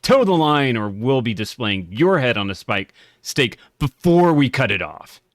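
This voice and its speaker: A man's voice: medium pitch, very animated, unhurried, dry recording, studio quality. A man voicing a threatening male town guard who scolds a thief. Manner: menacing, scolding.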